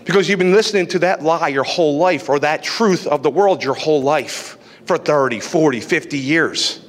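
Male pastor preaching, high and lively voice, long reverb of a hall. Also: normal speed. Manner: animated preaching, acts out inner voices. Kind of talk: sermon.

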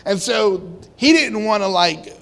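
A man's voice: high-pitched, expressive, a little slow, creaky, a bit bright. A man preaching a sermon in a conversational way, asking his congregation questions and acting out the people in the story. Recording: long hall reverb.

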